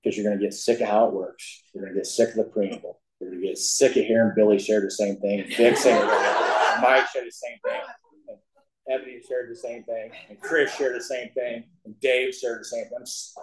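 A man's voice: mid-range voice, fairly even intonation, fast, darkish tone, slight background noise. An older man speaking to a recovery meeting, telling his story in a folksy, emphatic way. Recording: echoey hall.

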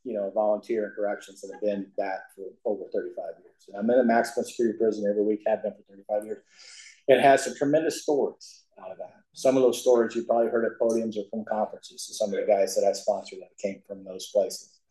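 A man's voice: lowish voice, steady tone, fast talker, dark tone. Older man telling his story in an echoey hall. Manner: storytelling, folksy and emphatic. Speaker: recovery speaker. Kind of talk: speaking to a recovery meeting.

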